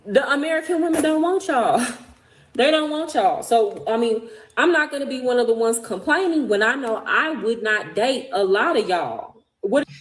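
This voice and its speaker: A woman's voice: fairly high pitch, animated, normal speed. A woman giving emphatic, lecturing commentary in a video.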